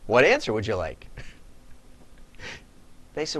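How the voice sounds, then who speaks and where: Animated man telling rambling anecdotes. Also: medium pitch, measured pace, slightly rough. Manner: rambling anecdotes with chuckles and self-corrections. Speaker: data marketing consultant. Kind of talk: casual livestream storytelling.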